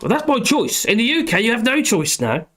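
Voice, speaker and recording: A man's voice: very high voice, sing-song, fairly quick, fairly bright tone. A middle-aged man hosting a live stream, chatting casually in a rambling, jokey, self-deprecating way and chuckling often. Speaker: live stream host reading chat.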